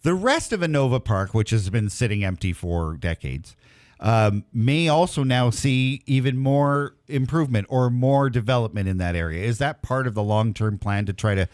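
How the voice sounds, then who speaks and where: Easygoing radio host, dry studio. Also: male voice, mid-range voice, lively intonation, normal speed, darkish tone, dry recording. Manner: conversational, easygoing. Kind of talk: morning radio interview.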